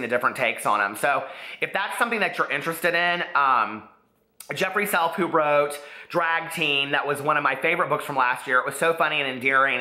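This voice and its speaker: A man's voice: a little high, sharp tone. A man, chatting casually about books he's read, gushing and full of "like"s. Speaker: booktube host. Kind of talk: casual book review vlog. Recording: echoey room.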